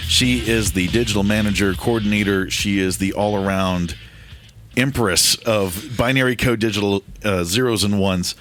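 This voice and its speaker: A man's voice: fairly low pitch, steady tone, normal speed, fairly bright tone, faint music behind. A man hosting a company podcast, chatting in a jokey, rambling way with many fillers. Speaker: podcast host. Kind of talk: casual podcast chat.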